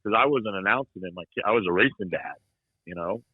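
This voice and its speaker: A man's voice: lowish voice, quick pace, slightly rough, dry recording, phone-quality sound. A middle-aged man telling stories in a rambling, folksy way, full of "you know" and playful ribbing. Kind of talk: casual storytelling chat.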